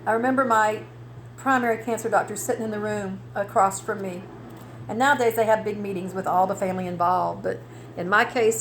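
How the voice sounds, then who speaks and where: A woman's voice: medium pitch, steady tone, brisk, slight background noise, low-quality recording. A woman giving an earnest personal testimony of faith and healing, building into preaching with scripture cadences. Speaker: cancer survivor giving testimony.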